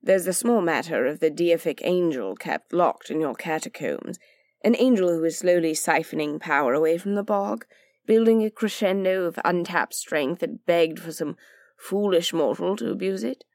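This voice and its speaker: A woman's voice: lowish voice, lively intonation, moderate pace, darkish tone, dry recording, studio quality. Woman playing a droll sardonic nobleman. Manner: droll, languid and teasing. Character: dry, sardonic aristocratic man, lazy and witty.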